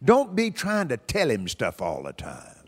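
A man's voice: mid-range voice, huge pitch swings, unhurried, husky. An older man preaching a sermon in a folksy, emphatic way, repeating phrases for stress. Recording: long hall reverb.

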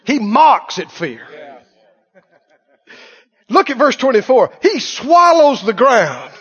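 Very high-pitched fiery male preacher. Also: wildly swooping pitch, takes it slowly, a bit bright, husky, muffled recording. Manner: fiery, colloquial preaching with mocking asides. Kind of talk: sermon.

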